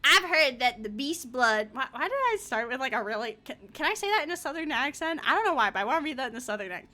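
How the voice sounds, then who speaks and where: A woman's voice: high-pitched, sing-song, fast talker, bright, forceful tone. A woman streamer giving casual game commentary, giggly, playful and profane.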